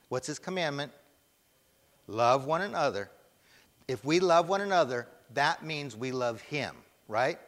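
A man's voice: on the high side, big pitch swings, unhurried, pauses often, fairly bright tone. A man preaching a sermon, emphatic, putting questions to the congregation and waiting for their answers. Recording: long hall reverb.

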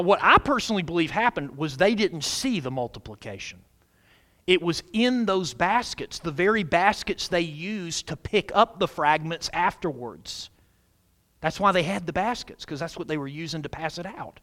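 A middle-aged man preaching a sermon, putting questions to the congregation and answering them, swinging between loud exclamations and quiet asides. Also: high voice. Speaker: pastor.

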